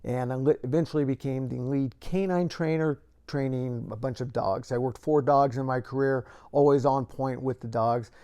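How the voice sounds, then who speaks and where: An older man, a retired police officer, tells a story from his career to the camera and builds lively moments into it. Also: mid-range voice, normal speed, hardly any pauses, smooth.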